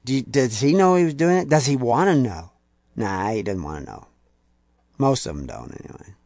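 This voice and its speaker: A man's voice: medium pitch, big pitch swings, normal speed, no echo. Guy preaching hard, voice jumps all over, mocks people he quotes, dry close sound. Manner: impassioned, rising to loud emphatic peaks. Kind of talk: sermon.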